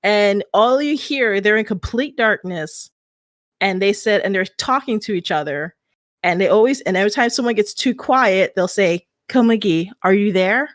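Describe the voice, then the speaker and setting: A woman guest on a podcast telling a story in lively casual chat, laughing as she goes. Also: medium pitch, normal speed, no echo, clean studio sound.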